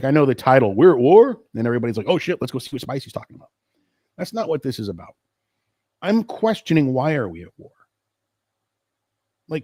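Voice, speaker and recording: A man's voice: a little high, a little mellow, no echo, clean studio sound. A middle-aged American man hosting a casual solo livestream, rambling and frustrated, swearing freely and restarting his sentences. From United States. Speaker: podcast host.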